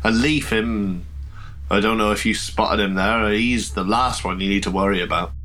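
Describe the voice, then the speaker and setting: A man's voice: lowish voice, moderate pace, fairly bright tone, slight background noise, natural voice. A man voicing a polite male coach driver who hesitates and calls the passengers sir. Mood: reassuring.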